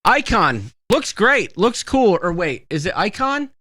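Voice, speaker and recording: Give me a man chatting as a podcast host, full of ums and likes, very expressive pitch. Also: measured pace, no echo. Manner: rambling storyteller, many fillers. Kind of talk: casual chat.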